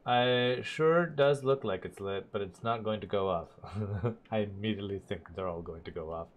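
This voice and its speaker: A man's voice: on the low side, normal speed. A man streaming a role-playing game, joking casually and swearing when things go wrong. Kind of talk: casual gaming livestream chat.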